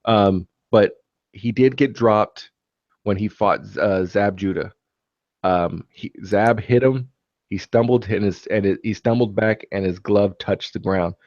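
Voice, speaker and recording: A man with a lowish voice chats casually on a live stream, stumbling through fillers and restarts. The sound is dry and dull, like a home computer mic. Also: measured pace, a little mellow, dry recording. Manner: rambling, hesitant, lots of fillers and restarts. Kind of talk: casual chat.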